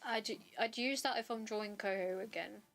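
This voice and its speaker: A woman's voice: mid-range voice, normal speed, creaky, fairly bright tone, slight background noise. A young woman chatting casually as she draws, rambling and trailing off mid-thought. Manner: rambling, self-interrupting, trails off. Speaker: artist streamer. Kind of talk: casual chat while drawing. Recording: faint background music.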